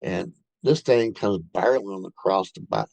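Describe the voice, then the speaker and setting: A man's voice: low voice, big pitch swings, moderate pace, vocal fry, darkish tone, no echo, low-quality recording. A man telling a rambling first-hand story in a casual way, with many fillers and restarts. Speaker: bigfoot researcher telling an encounter.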